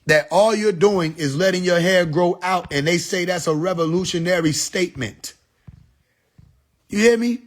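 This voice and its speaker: A man's voice: high voice, moderate pace. A man hosting a live stream, talking in a preachy, profane monologue and laughing at his own jokes.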